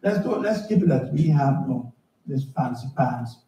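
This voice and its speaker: A man preaching a sermon as pastor, animated and storytelling, sometimes shouting. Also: medium pitch, moderate pace, muffled recording, slight background noise. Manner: animated, shouting at times, storytelling with acted dialogue. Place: church. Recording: echoey church hall, mic at a distance. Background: congregation answering.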